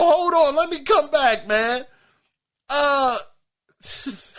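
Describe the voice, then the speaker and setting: A man's voice: very high voice, measured pace, fairly bright tone. A man hosting a podcast, reading a listener email in casual chat, exclaiming, laughing and stammering as he talks. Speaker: podcast host.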